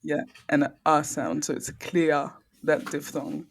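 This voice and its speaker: A woman's voice: sits low, flat delivery, normal speed, gravelly, a little hiss or hum. A woman from France with a French accent, chatting as a guest and carefully correcting pronunciation. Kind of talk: casual interview chat.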